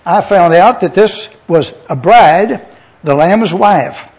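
Slow and expressive, this preacher's high-pitched voice carries a darkish tone. He teaches from the pulpit, speaking directly to the congregation and spelling words letter by letter, captured on a dull lo-fi recording.

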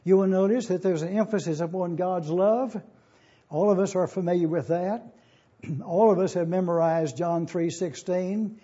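A man preaching a sermon, teaching in a measured, formal pulpit manner and reading scripture aloud. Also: sits high, dark tone, breathy edge, highs cut off.

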